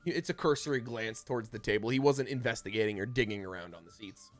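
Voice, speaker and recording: A man's voice: lowish voice, quick pace, soft background music. A man running a tabletop game as dungeon master, narrating casually with rambling asides and cursing.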